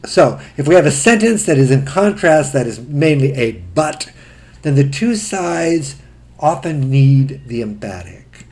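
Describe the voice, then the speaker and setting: A man teaching Greek grammar in a recorded lecture, explaining step by step in a slow, methodical way. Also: a little high, very animated, darkish tone.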